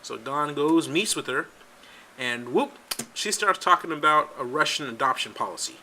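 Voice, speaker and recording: A man's voice: on the high side, animated, moderate pace, sharp tone, a little hiss or hum. A man hosting his own political show, talking casually and sarcastically, often repeating himself as he goes. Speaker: political talk show host. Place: home studio in California.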